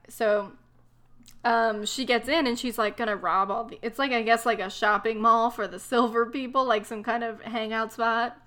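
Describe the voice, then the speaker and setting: A young woman in casual chat, retelling a book plot with sarcastic, animated mocking voices. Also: on the high side, moderate pace. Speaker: book discussion co-host.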